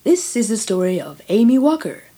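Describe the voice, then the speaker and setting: A woman voicing a gentle read-along storybook narrator who speaks slowly, like a children's record. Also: on the high side, sing-song, husky, voice pushed up. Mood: gentle, sing-song.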